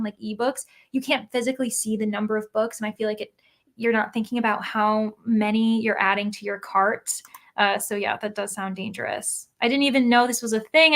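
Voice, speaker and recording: A woman's voice: on the high side, a bit bright. A young adult woman hosting a casual live stream, chatting and reading out viewer comments with lots of "like" fillers. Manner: chatty, many "like" fillers, upbeat. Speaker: livestream host reading chat.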